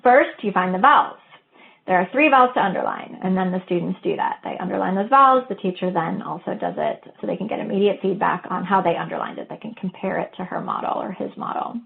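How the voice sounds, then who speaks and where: A woman's voice: on the low side, fast talker, gravelly. A woman presenting an educational webinar, explaining step by step and modeling teacher talk in a methodical way. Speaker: webinar presenter on reading instruction. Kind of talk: explanatory lecture. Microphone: webinar audio. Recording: tinny phone-like audio.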